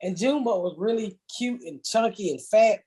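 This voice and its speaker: In a poor-quality recording, a podcast host with a warm, husky mid-range voice speaks at a moderate pace. She chats casually, laughing through blunt comic tales full of profanity.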